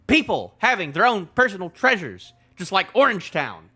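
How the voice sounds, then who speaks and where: A man streaming a live comic reaction in a goofy, animated way, laughing often. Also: sits high, normal speed, hardly any pauses, slightly rough.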